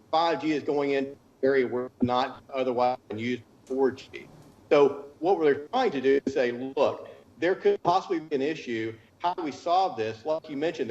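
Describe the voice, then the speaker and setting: A man's voice: mid-range voice, darkish tone, highs cut off, slight background noise. A man from the United States, a consultant giving a news interview, explaining at length with restarts and careful hedging. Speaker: interview guest, cell tower consultant.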